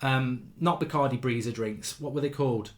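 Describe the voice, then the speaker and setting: A man's voice: medium pitch, normal speed. Rambling man telling stories. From England. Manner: rambling anecdotes with restarts. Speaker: show host. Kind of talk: casual livestream chat.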